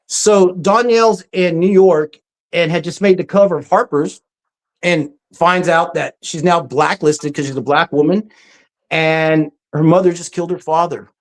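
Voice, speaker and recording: Storytelling presenter with slides. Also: medium pitch. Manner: storytelling, acts out quoted speech; frequent ums and restarts. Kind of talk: casual talk presenting slides.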